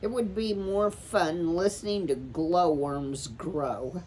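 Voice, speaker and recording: A woman's voice: on the low side, takes it slowly, a little mellow, a little hiss or hum. A woman voicing a grumpy, muddled old male porcupine in a storybook reading, with a muttering, exasperated manner. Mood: grumbling.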